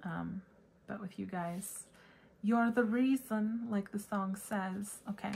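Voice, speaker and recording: A woman giving a casual pick-a-card tarot reading to her viewers, chatty and full of fillers, now and then breaking into high excited squeals. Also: takes it slowly, gravelly. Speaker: tarot reader.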